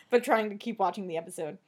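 A woman co-hosting a podcast, recapping a TV episode in casual chat, animated and swearing casually as she acts out lines. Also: mid-range voice. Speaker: podcast co-host.

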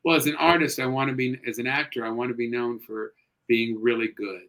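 A middle-aged man, a guest actor and comedian, chatting casually in an interview, expressive and animated, swinging between loud and hushed. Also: mid-range voice, fairly quick, low-quality recording.

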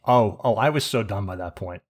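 A man co-hosting a podcast, telling a story in an animated, profane rant and laughing as he goes. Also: on the low side, brisk. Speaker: podcast co-host.

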